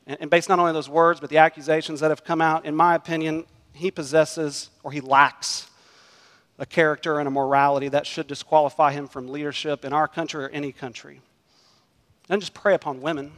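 Male pastor, slightly high voice, emphatic sermon delivery, long hall reverb. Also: level tone, fairly quick, a bit bright. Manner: emphatic preaching, rising and dropping in volume.

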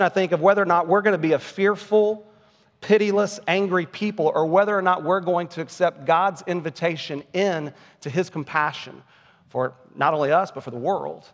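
A pastor delivers a sermon in an earnest, emphatic way, leaning on rhetorical questions. His voice sits a little higher than most men's. Long reverb rings out behind him, as in a large hall.

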